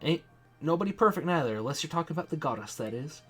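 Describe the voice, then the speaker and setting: A man's voice: fairly high pitch, lively intonation, quick pace, a bit bright, husky, soft background music. A man voicing a folksy young farm girl soldier from a video game, in a rural drawl.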